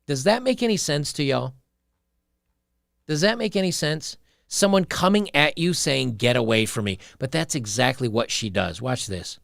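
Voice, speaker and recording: Gravelly man ranting on a livestream. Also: fairly high pitch, expressive, normal speed, fairly bright tone, no room sound, studio quality. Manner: opinionated, ranting, reads chat aloud. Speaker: streamer reacting to clips. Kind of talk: casual livestream commentary.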